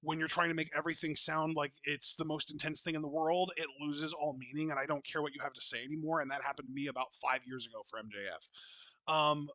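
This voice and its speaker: A man's voice: a little high, fairly even intonation, fast talker, sharp tone, no room sound. A man co-hosting a casual podcast, talking in a blunt, opinionated and profane way, with rambling restarts. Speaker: wrestling podcast co-host.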